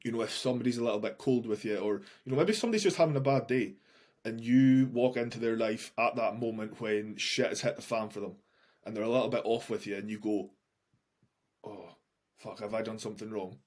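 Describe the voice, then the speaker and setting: A man's voice: medium pitch, fast, a little mellow. A man who works as a coach, a guest on a podcast, talks openly about his anxiety. He speaks frankly, swears freely and often restarts his sentences. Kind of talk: candid podcast conversation.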